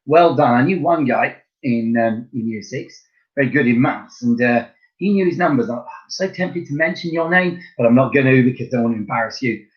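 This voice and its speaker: A man's voice: mid-range voice, animated, brisk. A man teaching a French lesson to primary pupils, chatty and encouraging, spelling words out letter by letter. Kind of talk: recorded online lesson. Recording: slightly dull lo-fi recording.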